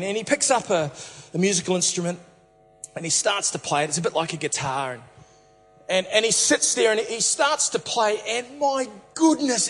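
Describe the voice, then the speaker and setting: High-voiced preacher telling a story. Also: male voice. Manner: playful, animated, with many restarts. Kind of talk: humorous sermon storytelling. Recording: reverberant hall, faint music.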